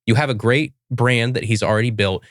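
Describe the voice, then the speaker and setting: A man hosting a fishing podcast, chatting with his guest in a relaxed way. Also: medium pitch, fairly quick, no echo, clean studio sound. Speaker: podcast host. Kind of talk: casual interview chat.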